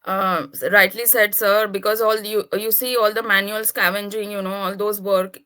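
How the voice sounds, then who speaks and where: A woman serving as moderator and reading audience questions politely and a little hesitantly, with many fillers. Her voice is bright and crisp, and her pitch stays fairly flat. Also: normal speed. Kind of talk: conversational Q&A.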